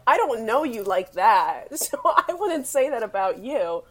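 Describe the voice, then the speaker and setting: A woman's voice: on the high side, very animated, a little slow, fairly bright tone. A woman guesting on an improv comedy podcast, giggly and playful as she plays along.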